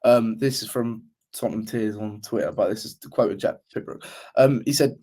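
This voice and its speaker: A man's voice: fairly low pitch, fairly quick, dark tone. A man co-hosting a football podcast, chatting casually with many restarts and fillers. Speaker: podcast co-host. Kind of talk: casual chat.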